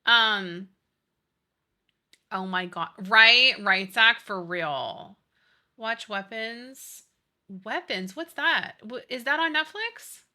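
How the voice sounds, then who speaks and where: Very bright-voiced chatty woman streamer. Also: fairly high pitch, very slow. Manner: chatty, upbeat, reads and answers chat. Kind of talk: casual chat while playing a building game.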